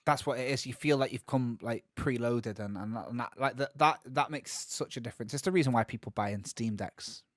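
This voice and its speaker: A man's voice: medium pitch, brisk, few pauses, no echo, studio quality. A man co-hosting a gaming podcast, talking casually and rambling with lots of restarts and asides. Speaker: podcast co-host. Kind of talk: casual chat.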